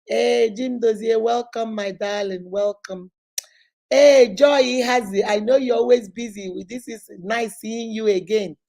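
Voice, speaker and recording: A middle-aged Nigerian woman chats on a live stream, calling out to viewers one by one and slipping into preaching. Her voice sits a little high and carries an exuberant, lively energy. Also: unhurried.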